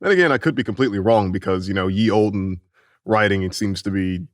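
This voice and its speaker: A man's voice: lowish voice, fast talker, no echo, clean studio sound, close to an everyday voice. A man voicing an easygoing adult man in a tabletop role-play, rambling and hesitant, with jokey asides.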